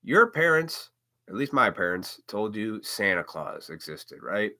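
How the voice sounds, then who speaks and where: A man's voice: lowish voice, big pitch swings, a little slow, bright, forceful tone. A man hosting a live stream, talking bluntly and with plenty of profanity in a ranting monologue.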